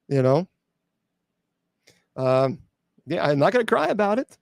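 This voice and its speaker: A man's voice: on the high side, sing-song, takes it slowly, vocal fry, pauses often, no room sound, studio quality. A middle-aged man hosting a live call-in show as a bishop, answering chat questions bluntly and sarcastically, with many restarts and filler sounds. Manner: blunt and sarcastic, mocking doubters in mimicked voices. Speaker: radio show host and exorcist bishop.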